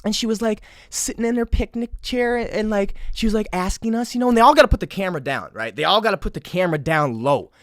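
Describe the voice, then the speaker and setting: A man's voice: high voice, expressive, fast, hardly any pauses, fairly bright tone, dry recording, studio quality. A man hosting a solo podcast, ranting sarcastically with crude jokes and mock exasperation. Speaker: podcast host.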